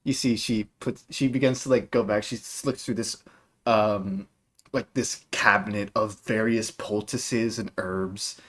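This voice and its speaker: A man narrating as game master of a tabletop game, casual and lively, with many filler words. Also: lowish voice, measured pace.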